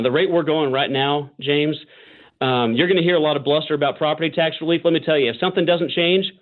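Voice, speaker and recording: A man from Texas, a state representative, speaking as a guest on a political call-in interview, fired up and emphatic, slowing down to hammer his points. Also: mid-range voice. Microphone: phone. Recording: phone line.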